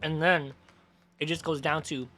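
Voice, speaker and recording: A man's voice: on the high side, level tone, measured pace, pushed and bright, soft background music. A man streaming and chatting casually about games, rambling and swearing freely.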